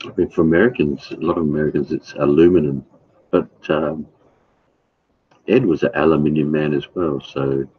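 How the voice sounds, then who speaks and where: A man chatting casually with his live stream viewers, blunt and profane, halting with fillers. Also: a bass voice, steady tone, breathy edge, no room sound, dull audio. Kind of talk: casual chat.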